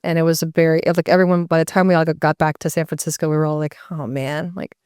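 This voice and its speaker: A woman telling a story to a live audience in a casual, animated way, often slipping into voices for the people she quotes. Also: deep voice, rapid-fire, clear, resonant tone, no room sound, clean studio sound. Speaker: guest speaker.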